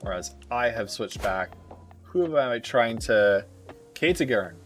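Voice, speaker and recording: A man with a Canadian accent giving casual, rambling live commentary as he plays a strategy game, often pausing on filler words. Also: mid-range voice, animated, faint music behind. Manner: rambling, thinking aloud with frequent filler pauses. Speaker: streamer.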